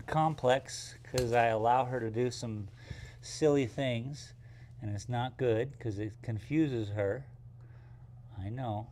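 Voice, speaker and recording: A man chatting on a live stream in a slow, unhurried way, his voice dropping to soft hushes and gentle praise as he settles a nippy puppy. Faint room noise sits behind him. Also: medium pitch. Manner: soft, soothing talk to a puppy, hushing and praising. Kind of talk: casual live-stream chat. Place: art gallery workspace.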